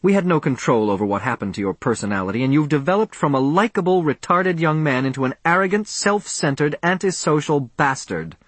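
A man's voice: a little high, lively intonation, fairly quick, few pauses, a bit bright, no room sound, voice pushed up. A man voicing a blustering, pompous professor. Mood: scolding. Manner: blustering, indignant, raised voice. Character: pompous irate male professor.

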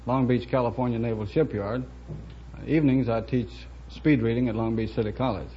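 A man's voice: mid-range voice, fairly even intonation, normal speed. A man from Virginia, a quiz show contestant, giving short, careful, dry answers. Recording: dull lo-fi archival broadcast with hiss.

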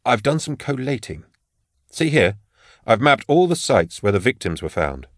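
A man voicing a brisk woman officer in charge. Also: medium pitch, sing-song, no echo, studio quality, voice pushed up. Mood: impatient. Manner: brisk and businesslike.

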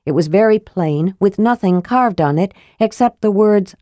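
A woman narrating a fantasy audiobook in a measured, even way. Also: mid-range voice, no room sound, clean studio sound.

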